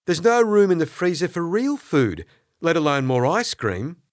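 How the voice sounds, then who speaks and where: A man's voice: fairly high pitch, sing-song, moderate pace, no room sound, clean studio sound, voice pushed up. A man voicing a stern woman scolding firmly in an audiobook scene. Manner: firm, scolding. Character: stern woman guarding her kitchen.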